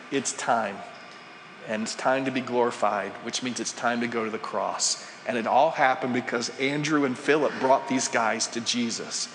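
A male pastor preaching a sermon, moving between hushed asides and emphatic rises. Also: mid-range voice, slight background noise. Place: church sanctuary. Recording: long reverb, faint ambience.

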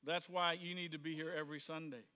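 A man's voice: a little high, flat delivery, fast, clean tone, long reverb tail. A man preaching a Sunday sermon in a conversational way, acting out the quoted voices of the people in his stories. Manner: conversational, plays out quoted voices, rises to sudden shouts. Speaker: pastor. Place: church sanctuary.

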